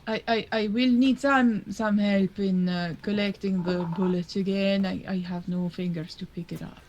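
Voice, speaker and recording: A woman playing a tabletop role-playing game, describing her character's actions slowly and hesitantly. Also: mid-range voice, fairly even intonation, a little mellow, muffled recording, a little hiss or hum. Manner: slow and hesitant, searching for words. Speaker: player.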